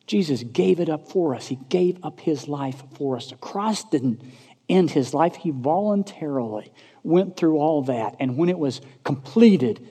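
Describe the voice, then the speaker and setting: A man preaching a sermon with passion, swinging from loud, rising declarations to hushed, intense lines. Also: medium pitch, animated, unhurried. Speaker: pastor. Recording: long hall reverb.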